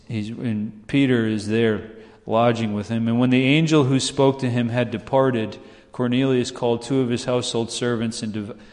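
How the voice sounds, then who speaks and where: A man preaching a sermon in a conversational way, often asking "right?" and acting out the people in his stories. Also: mid-range voice. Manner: conversational, asks "right?" often, acts out quoted voices. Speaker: pastor. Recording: long hall reverb.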